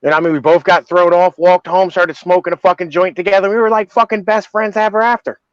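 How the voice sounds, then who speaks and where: A man's voice: sits high, fairly even intonation, a little fast, no echo. A man chatting casually and brashly, swearing in almost every sentence. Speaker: guest. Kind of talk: casual profane chat. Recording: dull, dry lo-fi audio.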